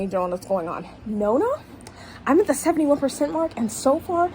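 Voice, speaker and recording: A woman talks to camera in a casual reading vlog, her voice sitting in an ordinary middle register. She rants dramatically and excitably, swearing freely as she goes. A faint hiss of background noise sits under her voice. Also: mid-range voice, poor audio. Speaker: book vlogger.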